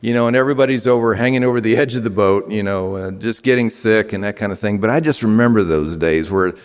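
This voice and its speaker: A pastor from the American South talks fast in a lowish, clear and resonant voice, giving a conversational sermon packed with fillers and restarts. He addresses a live audience in a large room, and the hall's long reverb carries through the recording.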